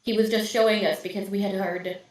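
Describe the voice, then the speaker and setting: A woman's voice: medium pitch, fairly even intonation, fairly quick, a little mellow, echoey room, distant mic, rough recording. A woman playing a tabletop game, speaking earnestly and formally in character. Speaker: player.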